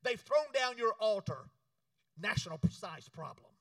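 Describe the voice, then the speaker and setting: A man preaching a sermon, urging the congregation to repeat after him and switching between loud exhortation and quiet storytelling. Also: high voice, very animated, moderate pace, pauses often, no room sound, far from the mic, low-quality recording. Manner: emphatic, call-and-response preaching. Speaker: pastor.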